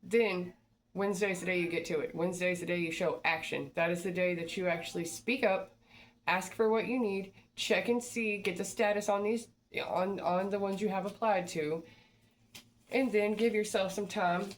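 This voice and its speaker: A woman's voice: mid-range voice, normal speed, slight background noise. A woman hosting a motivational advice talk, coaching listeners in a direct, repetitive pep-talk manner. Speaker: job-search advice host.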